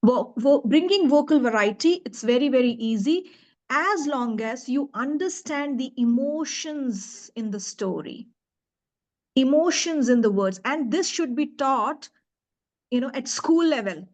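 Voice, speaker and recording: A woman who coaches public speaking, answering interview questions on a video call with emphatic, demonstrative delivery. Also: sits high. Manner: emphatic, demonstrates emotions in her voice.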